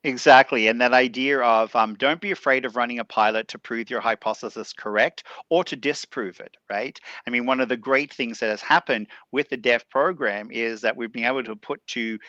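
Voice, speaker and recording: A man's voice: medium pitch, brisk, few pauses, bright, forceful tone, no echo, dull audio. A man with an Australian accent speaking earnestly on a discussion panel, posing rhetorical questions.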